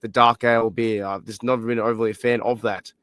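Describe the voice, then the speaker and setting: A man from Australia with an Australian accent, hosting a casual solo podcast with a hoarse, worn-out voice, rambling excitedly with lots of fillers. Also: medium pitch, quick pace, dry recording. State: hoarse, lost voice. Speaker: podcast host. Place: library.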